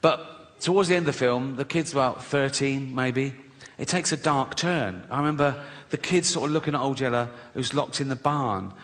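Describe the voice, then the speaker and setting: Bright-voiced comedian, sweary and giggly. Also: male voice, mid-range voice, moderate pace, big-room sound. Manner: profane, laughs at his own jokes. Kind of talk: stand-up style comic storytelling.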